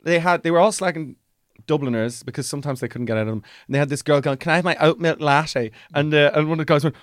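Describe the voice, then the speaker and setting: A young Irish man co-hosting a casual podcast chat, telling stories and acting out exchanges in bright high voices. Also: racing, no room sound, studio quality. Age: young adult. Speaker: podcast co-host.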